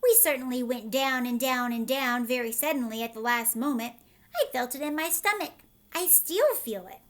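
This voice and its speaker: A woman's voice: high-pitched, normal speed, natural voice. A woman doing a gloomy, doom-saying earthworm. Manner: gloomy, dramatic. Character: gloomy pessimistic earthworm, male.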